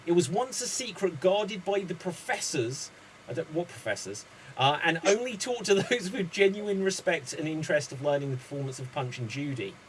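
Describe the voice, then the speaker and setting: A man's voice: high-pitched, lively intonation, moderate pace, hardly any pauses, slight background noise, low-quality recording. A man hosting an online improv comedy show, chatty and rambling.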